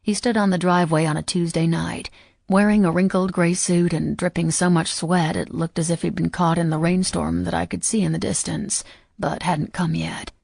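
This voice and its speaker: A woman narrating a first-person audiobook in a quiet, measured, somber way. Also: on the low side, fairly even intonation, vocal fry, no room sound, clean studio sound.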